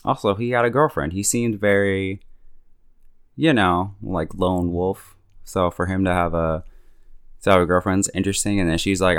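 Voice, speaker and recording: A man's voice: sits low, normal speed, fairly bright tone, smooth, no room sound, clean studio sound. A young man casually recapping a TV episode in slangy talk, chuckling now and then and acting out the characters' lines. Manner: laid-back, slangy, chuckles often, acts out characters' lines. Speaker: podcast host recapping a show. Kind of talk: casual chat.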